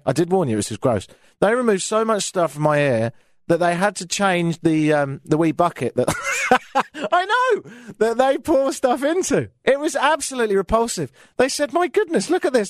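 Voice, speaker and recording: A man's voice: sits high, no echo. A man from Britain hosting a radio show, telling a self-mocking comic story from his studio microphone.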